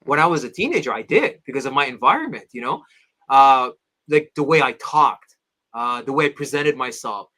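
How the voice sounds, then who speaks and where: A man in his thirties, an interview guest, telling personal stories in an animated way and acting out his friends' voices. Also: moderate pace. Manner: animated, acts out friends' voices with big pitch jumps; addresses host as "my beloved father". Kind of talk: storytelling in casual interview.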